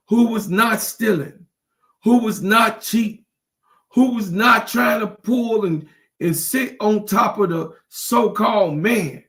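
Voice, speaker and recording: Host, man, high voice, slow delivery, impassioned and repetitive, close to tears. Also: fairly bright tone. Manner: preachy, repetitive, emphatic; emotional, near tears. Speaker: channel host. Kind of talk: impassioned livestream talk.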